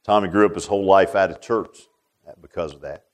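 Older guy preaching, folksy and rambly, keeps saying man, swings loud and soft. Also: low voice, a little fast. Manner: folksy, repetitive, lots of "man" and "I said". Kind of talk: storytelling sermon.

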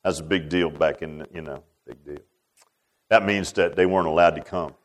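A man's voice: rumbling low, steady tone, moderate pace. An older man telling a personal story in a sermon, folksy and repetitive, leaning on filler like "man". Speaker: preacher.

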